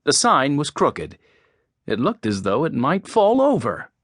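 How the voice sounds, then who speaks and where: A man narrating a children's mystery audiobook in a clear, storytelling voice. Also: fairly high pitch, wildly swooping pitch, a little slow, a bit bright, dry recording, clean studio sound.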